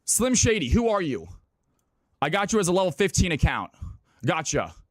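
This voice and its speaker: A man's voice: sits high, very animated, normal speed, dry recording, clean studio sound. A man hosting viewer games on a live stream, hyped and chatty, often repeating himself as he sorts players. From California. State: out of breath.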